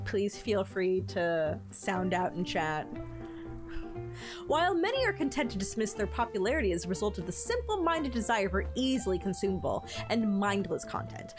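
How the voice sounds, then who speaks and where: A woman streamer reading a book from a game aloud to her chat, breaking off for playful asides. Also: medium pitch.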